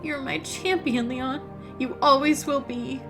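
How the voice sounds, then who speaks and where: A woman's voice: high voice, steady tone, unhurried, over music. A woman voicing a young grieving queen in a storybook game, earnest and pleading.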